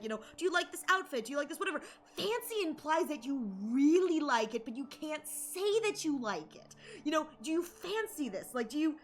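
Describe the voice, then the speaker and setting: A young adult woman streaming and chatting casually, animated and rambling with lots of fillers and restarts. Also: high voice. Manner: excited shouted greetings to chat. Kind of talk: casual live-stream chat.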